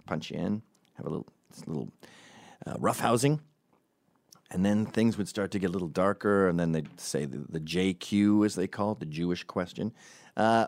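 A man's voice: low-pitched, lively intonation, moderate pace, creaky, a little mellow, no room sound, studio quality. A man ranting comedically as a podcast host, rambling and profane, jumping between tangents. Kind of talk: comedic rant.

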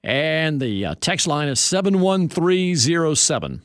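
A man's voice: on the high side, big pitch swings, unhurried, no room sound, studio quality. A man hosting a sports radio show, reading news items and chatting with asides.

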